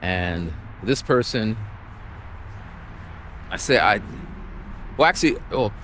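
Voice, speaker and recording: Animated, exasperated man venting about his week while walking outside, with faint traffic behind him. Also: fairly low pitch, takes it slowly. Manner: exasperated, animated, acts out the people he quotes. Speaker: vlogger. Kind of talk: ranting storytelling while walking. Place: outdoors, walking in a town.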